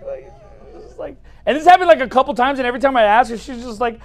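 A man preaching a humorous sermon as a pastor in a church, speaking straight to the audience in a lively, joking way. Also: extremely high pitch, fast.

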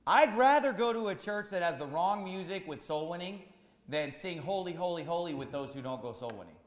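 A man's voice: high voice, animated, a little fast, roomy sound, in a large hall. A man preaching a sermon as pastor, firing rhetorical questions in a repetitive, emphatic cadence.

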